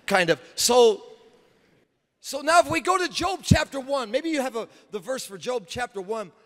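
High-voiced preacher, slow and emphatic, with dramatic pauses, heard in a big reverberant hall. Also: male voice, a bit bright. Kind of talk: sermon. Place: large conference hall.

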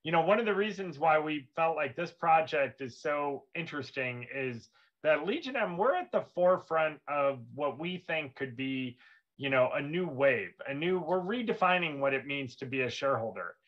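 A man's voice: on the high side, lively intonation, moderate pace, highs cut off. A man co-hosting a livestream, speaking earnestly and steadily with many fillers. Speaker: host. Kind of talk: livestream presentation.

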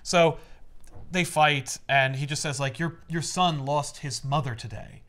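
A man casually recapping a comic book for friends, animated and acting out character lines in quick voices. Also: a little high. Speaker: comic podcast host recapping a comic.

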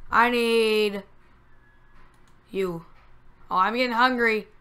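Bright-voiced woman narrating a game excitedly. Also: mid-range voice, moderate pace. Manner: excitable, talks to the game, sudden squeals and groans. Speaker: gameplay commentator. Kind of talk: casual let's-play commentary.

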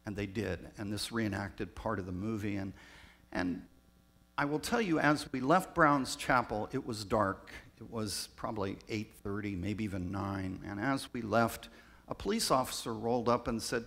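A man, a pastor raised in Southern California, telling personal stories in a reflective sermon with pauses. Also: on the low side, creaky, a bit bright. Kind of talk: storytelling sermon.

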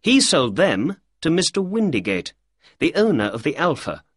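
A man's voice: a little high, sing-song, moderate pace, breathy edge, dry recording, studio quality, voice pushed up. A man voicing a confident, clever male detective in a storybook reading. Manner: self-assured, explaining.

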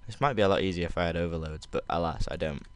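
A young man with a Northern English accent giving sweary, excitable commentary over his own gameplay, slipping into London slang. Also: low-pitched, racing. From Northern England. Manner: sweary, excitable outbursts between mumbled asides. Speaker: gaming video creator.

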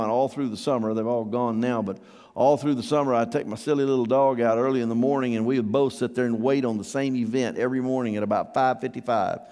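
In a church hall, a pastor preaches a sermon in a conversational way, putting questions to his congregation. His medium-pitched, darkish voice trails off into a long reverb.

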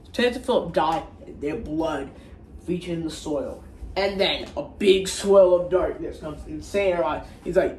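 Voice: mid-range voice, unhurried, darkish tone, distant mic. A casual online reviewer recapping a movie in a rambling, crude and profane way, with frequent restarts. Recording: roomy echo, faint background ambience.

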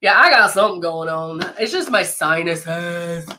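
Bright-voiced stuffed-up woman hosting a live demo. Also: on the low side, expressive, unhurried, slight background noise. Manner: chatty, greets viewers by name, laughs often. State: stuffed-up nose from a head cold. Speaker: brand educator hosting a live makeup demo. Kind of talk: live-stream makeup tutorial.

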